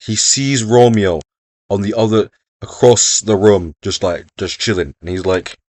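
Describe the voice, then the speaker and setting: A man's voice: on the low side, measured pace, darkish tone, no echo. A young man giving casual, jokey exam revision talk, rambling and swearing freely. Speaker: revision video host.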